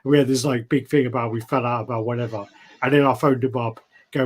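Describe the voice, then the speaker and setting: A man's voice: medium pitch, fairly even intonation, quick pace. A man co-hosting a casual chat show, swearing freely and trailing off with fillers. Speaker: co-host of a collectibles chat show.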